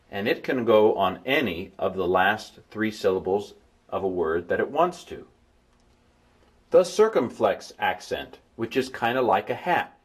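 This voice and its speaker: A man with a fairly low voice gives an informal recorded lesson. He explains in a folksy way, repeats examples and sounds out syllables slowly, with playful asides along the way. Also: slightly rough. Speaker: Greek tutor.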